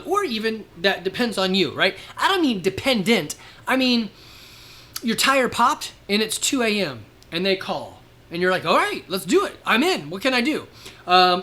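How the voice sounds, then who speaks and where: A middle-aged man hosting a podcast, telling stories in a casual, animated way and laughing often. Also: high voice. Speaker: podcast host. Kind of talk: casual presentation.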